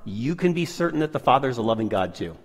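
A man's voice: medium pitch, sing-song, quick pace, big-room sound. A man co-presenting a Bible lesson, affirming the preacher and reading scripture aloud. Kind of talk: sermon-style Bible lesson.

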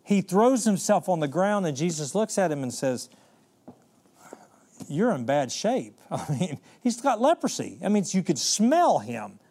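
A man preaching a sermon with a voice that sits a little high for a man. He is dramatic, dropping to soft, slow lines, then surging loud and fast. He often restarts and repeats words as he builds a point. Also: very animated.

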